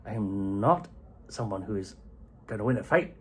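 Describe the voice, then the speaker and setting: A man's voice: on the low side, lively intonation, moderate pace, slight background noise, natural voice. A man voicing a timid, pleading male giant husband in a folk tale.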